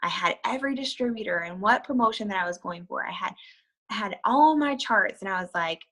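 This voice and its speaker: A woman telling her business setback story in an interview, candid and chatty, full of "like" and "you know", leaping up in pitch to act out her past self. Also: moderate pace, a bit bright, poor audio. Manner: acts out her past self with sudden high-pitched bursts. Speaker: interviewee, network marketer.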